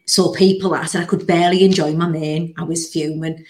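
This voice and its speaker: Woman, podcast host, lowish voice, animated casual storytelling, swears. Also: fairly quick, few pauses. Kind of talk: casual chat.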